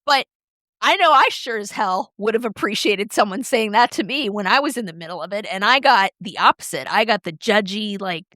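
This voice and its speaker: A woman's voice: mid-range voice, dry recording. Chatty middle-aged woman, dry close sound. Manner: chatty, expressive, quick shifts in tone. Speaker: podcast co-host. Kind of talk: casual chat.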